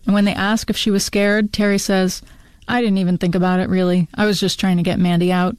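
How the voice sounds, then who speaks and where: A woman author reading her short fiction aloud, brisk and storytelling. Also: medium pitch, a little mellow, dry recording. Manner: brisk storytelling with run-on sentences.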